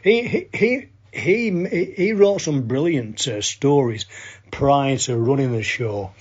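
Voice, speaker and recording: A man's voice: mid-range voice, slow, slightly rough, highs cut off. A man doing a chummy, cheery podcaster. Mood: cheerful. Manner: chummy, tags lines with "okay?". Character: cheery chatty adult man, fellow podcaster. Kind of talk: impression of a friend giving feedback.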